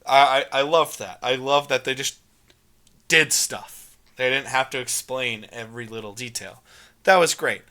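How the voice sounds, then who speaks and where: A young man with a bright, forward voice co-hosts a casual movie podcast. He talks in long, emphatic runs, animated and quick to press his points. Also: mid-range voice. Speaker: podcast co-host.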